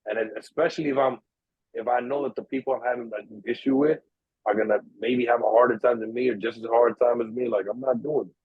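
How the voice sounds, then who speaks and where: On a podcast, a young New York man who co-hosts the show casually spins a long story, swearing freely and voicing the people in it. His mid-range voice stays steady in tone, moves quickly and carries a breathy edge. The recording is dry, tinny and narrow-band.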